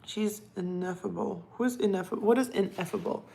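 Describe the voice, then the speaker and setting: In a fairly quick, gravelly yet mellow voice of medium pitch, a woman whose native language is Russian chats on a live stream. She reads viewer comments aloud and talks to her cat as she hosts.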